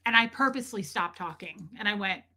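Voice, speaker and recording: A woman vlogger telling a story in a casual, animated way, acting out the quoted voices and swearing when she gets worked up. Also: mid-range voice, a little fast.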